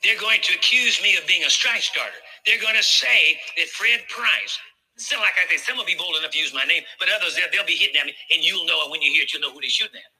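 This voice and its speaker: A man's voice: high-pitched, fast talker, pushed and bright, low-quality recording. A male pastor preaching a sermon, emphatic and folksy, repeating phrases for emphasis.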